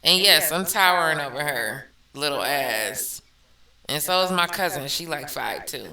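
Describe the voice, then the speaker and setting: Bright, blunt woman vlogger with slangy emphatic delivery, recorded off-mic in a roomy space. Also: deep voice, animated, a little slow, distant mic. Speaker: vlogger reacting to viewer comments. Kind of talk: casual commentary. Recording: echoey room, off-mic.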